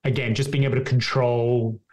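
An Australian man speaks as an interview guest, explaining in an easygoing, casual way. His voice sits at an ordinary middle pitch. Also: little pitch movement, brisk, darkish tone. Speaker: guest, coffee retailer.

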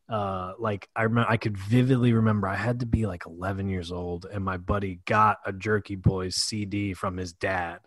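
A man's voice: fairly low pitch, fairly bright tone, no echo, clean studio sound. A young male podcast host chatting casually with a guest, laid back and full of likes and ums. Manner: laid-back, filler-heavy. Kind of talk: casual chat.

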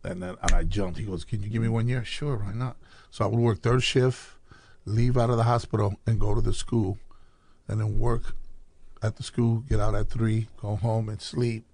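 A man's voice: on the low side, steady tone, normal speed, a little mellow, no echo. A man from Chicago, a podcast guest telling his life story in casual talk, acting out quoted dialogue as he goes.

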